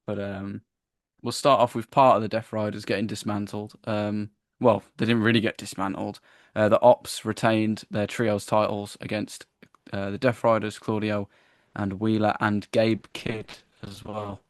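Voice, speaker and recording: A man co-hosting a casual wrestling review podcast, chatty and animated as he retells the show. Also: lowish voice, moderate pace, dry recording, studio quality. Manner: chatty, animated when acting out wrestlers, frequent "I was like". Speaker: podcast co-host.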